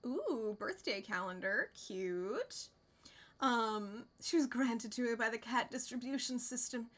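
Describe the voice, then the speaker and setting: A woman streaming a game, chatting excitedly and sometimes dropping to a soft whisper. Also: fairly high pitch, unhurried. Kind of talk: casual live-stream commentary. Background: game music.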